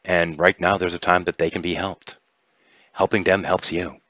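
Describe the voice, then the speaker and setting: Man doing an earnest, compassionate woman leader in a tabletop game, voice low and deep, talking in a measured, persuasive way. The sound is dull, dry and lo-fi. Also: little pitch movement, fairly bright tone, dry recording. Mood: grave. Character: compassionate grave woman leader, Lady Kiva.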